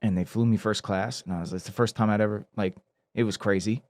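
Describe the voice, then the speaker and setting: A man in his thirties, a guest actor, telling animated stories in a casual podcast chat. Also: fairly low pitch, fast, no echo. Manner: animated storyteller who acts out quoted people.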